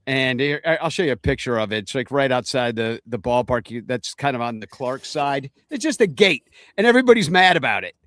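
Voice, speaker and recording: A man's voice: medium pitch, animated, fairly quick, few pauses, a bit bright, no echo, studio quality. A man hosting a casual chat show, joking with wry asides. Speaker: host.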